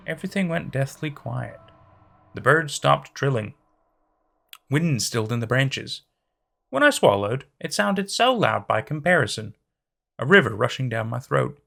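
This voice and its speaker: A man narrating a horror story with a bright, gravelly voice that rises and falls expressively. The reading is dramatic, with faint music playing under it. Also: mid-range voice, sing-song, a little slow.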